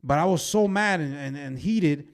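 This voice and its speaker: Animated man telling stories on a podcast. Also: on the high side, normal speed. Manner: animated storytelling, fillers like "way" and "bro". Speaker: podcast co-host. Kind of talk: casual chat.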